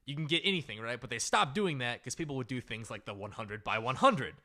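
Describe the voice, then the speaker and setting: Animated, bright-voiced man telling a story. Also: mid-range voice, fast. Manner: animated, loose, full of "like" and "right?". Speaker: podcast host. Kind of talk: casual comedic storytelling.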